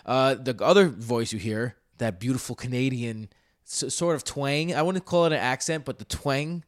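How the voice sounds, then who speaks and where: Excitable man hosting a sports podcast. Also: medium pitch, normal speed. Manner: excitable, rambling, many restarts. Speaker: podcast host. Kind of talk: casual sports podcast chat.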